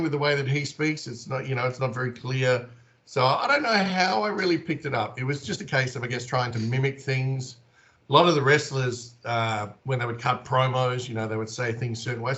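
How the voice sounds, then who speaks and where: A man with an Australian accent, a wrestler and actor telling stories as a guest in a relaxed, chatty way over a video call. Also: mid-range voice, fairly quick, dull audio. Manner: laid-back, chatty, laughs easily. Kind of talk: relaxed storytelling in conversation.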